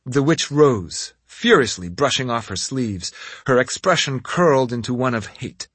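A man reads a fantasy story aloud in first person, his husky voice rising and falling with lively expression. The delivery is dramatic, and the recording is close and dry with no room sound. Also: medium pitch, a little slow, dry recording. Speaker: audiobook narrator. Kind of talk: scripted first-person audiobook narration.

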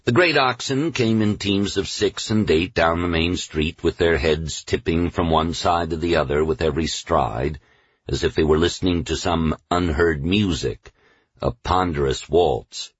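A man reading a novel aloud as a narrator, in a measured storytelling manner. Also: low voice, husky, dry recording. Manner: measured storytelling, slows on lists. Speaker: audiobook narrator. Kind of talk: scripted narration. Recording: dull, dry studio recording.

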